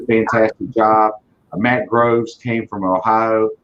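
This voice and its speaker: A man's voice: lowish voice, fairly even intonation, takes it slowly. A man who leads a car business, talking earnestly in a casual interview and often repeating words as he starts a thought. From Virginia, US. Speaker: car dealership leader, guest. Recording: dull lo-fi audio.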